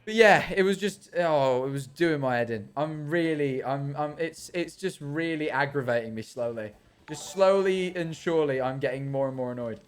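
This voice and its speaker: A man's voice: a little high, moderate pace, clean tone, faint music behind. A young British man chatting casually on a live stream while gaming, rambling and ranting with self-deprecating humour. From Britain. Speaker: livestreamer.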